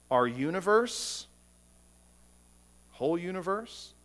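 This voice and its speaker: A male pastor delivers a sermon in a fairly high voice, taking his time over each phrase. He preaches emphatically, asking rhetorical questions and stumbling over repeated words as he builds his point. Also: sing-song, unhurried.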